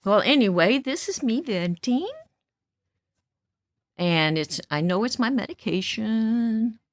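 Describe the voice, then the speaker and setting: In a casual venting monologue, a vlogger in her 70s speaks her mind in a stern, blunt, outspoken way, laughing between remarks. Her fairly high voice has lively intonation and a slow pace, recorded at studio quality with no room sound.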